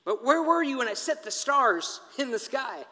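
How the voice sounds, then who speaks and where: A man voicing God as a stern deity who questions a mortal, slow and grave, in a large reverberant hall. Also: extremely high pitch, sing-song, sharp tone, heavily acted.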